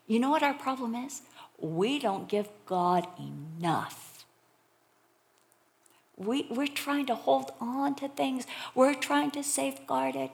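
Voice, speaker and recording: A middle-aged woman preacher delivering a sermon, telling stories animatedly and swinging between loud emphasis and hushed whispers. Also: high-pitched, expressive, slow, creaky.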